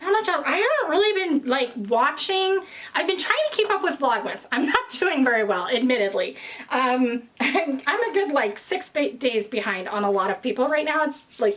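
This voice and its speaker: A young woman talks casually to her viewers in a bright, high voice. She rambles and wanders off on tangents, and she sounds a little out of breath. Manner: rambling, chatty, with tangents and restarts. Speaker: knitting podcast host. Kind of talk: casual chat to camera.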